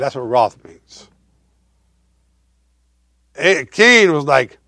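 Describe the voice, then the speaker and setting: High-voiced preacher with swinging volume. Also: male voice, very animated, very slow, long pauses, no room sound, studio quality. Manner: preaching with wide swings between loud emphasis and quiet asides; asks the congregation questions. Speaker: pastor. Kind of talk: sermon.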